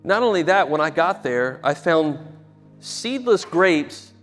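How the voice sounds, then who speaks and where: A man's voice: on the high side, sing-song, slow, faint music behind. A young adult man preaching a sermon as a pastor, telling personal stories with rising emotion. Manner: emotional storytelling, voice swelling when stirred. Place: church sanctuary. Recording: hall with long reverb.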